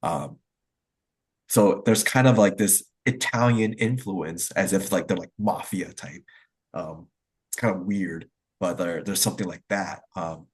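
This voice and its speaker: A man's voice: low voice, a little slow, breathy edge. A man, explaining at length in a casual online group chat, using lots of "like" and "um" between thoughts. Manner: rambling, explanatory, heavy use of "like" and "um". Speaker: discussion participant.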